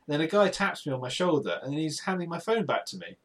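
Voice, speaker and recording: Animated British man telling a story. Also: fairly high pitch, quick pace. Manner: animated storyteller, stumbling restarts, frequent laughter. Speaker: podcast co-host. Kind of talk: casual chat.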